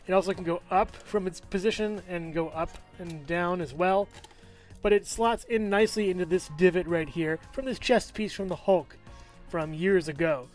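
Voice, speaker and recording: A man with a noticeably high voice talks through a toy review in an upbeat, chatty way. He handles the figure as he goes, pointing out each part. Soft music plays faintly behind him. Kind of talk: casual product review.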